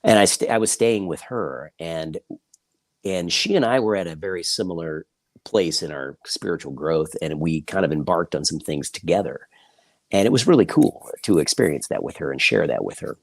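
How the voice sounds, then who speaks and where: A man, an author and journalist, talking reflectively in an interview, pausing often with fillers. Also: sits low, animated, vocal fry, dry recording. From Kansas City, United States. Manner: reflective, halting with many fillers. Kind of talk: interview conversation.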